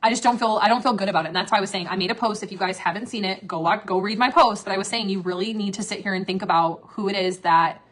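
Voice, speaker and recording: A woman with a mid-range voice talks in a loose, unscripted rant. She swears constantly and lurches between shrill, loud bursts and quiet, mumbled asides. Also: fast talker, few pauses. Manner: profane, animated, jumps between loud outbursts and low asides. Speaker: former MLM leader. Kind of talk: casual livestream rant.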